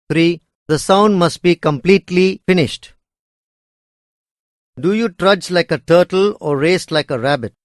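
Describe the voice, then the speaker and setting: A man reading educational course material aloud in a measured, deliberate way. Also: a little high, no echo, studio quality. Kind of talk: scripted educational narration.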